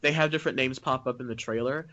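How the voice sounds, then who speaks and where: A man hosting a casual podcast, excitable and quick to jump in, laughing often. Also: medium pitch, highs cut off.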